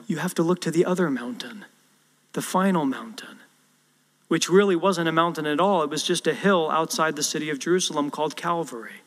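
A man's voice: a little high, a little fast, a bit bright. A male pastor preaching a sermon and telling a story, acting out the quotes as he goes. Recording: long hall reverb.

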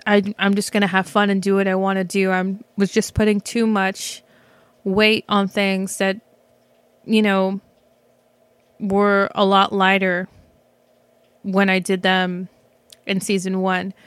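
A woman hosts her own podcast, speaking into a microphone with a smooth, medium-pitched voice that is completely flat, slow, and full of long pauses, with no echo. Her commentary is casual and self-reflective, rambling along with many fillers, restarts, and offhand swearing.

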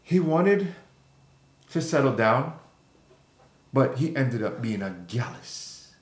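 A man's voice: medium pitch, expressive, slow pace. Playful man hosting a podcast, echoey room. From Jamaica. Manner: playful, teasing quiz-master. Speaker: podcast co-host. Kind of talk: casual podcast chat.

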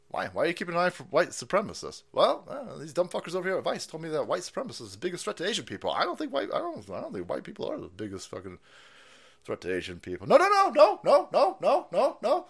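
A man hosting a livestream, ranting with heavy profanity and mockery, swinging from loud outbursts to low mutters. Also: huge pitch swings, fast, slightly rough. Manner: profane, mocking, swings between shouting and muttering, laughs often. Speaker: livestream host. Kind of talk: ranting live commentary.

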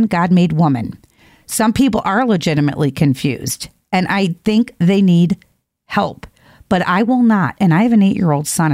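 A woman hosting an opinionated commentary monologue, blunt and emphatic, jumping to high exasperated outbursts. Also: darkish tone, dry recording, studio quality. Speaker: host.

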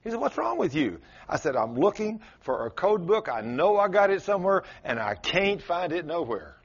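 Husky guy preaching, kinda high voice, muffled lo-fi recording. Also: very animated, normal speed. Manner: storytelling with dramatic swings in pitch and loudness. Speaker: pastor. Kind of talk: sermon.

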